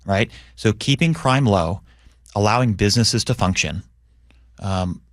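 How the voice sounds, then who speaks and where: A man appearing as a police union president on a radio show, explaining his points in a measured way and often checking in with "right?". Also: on the low side, no echo, clean studio sound. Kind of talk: radio interview.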